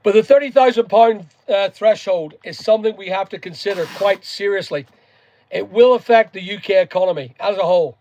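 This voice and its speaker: A man's voice: sits high, a little fast, darkish tone, dry recording, highs cut off. A man from Northern Ireland with a Northern Irish accent, hosting a casual live chat, rambling and greeting viewers by name. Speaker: live stream host.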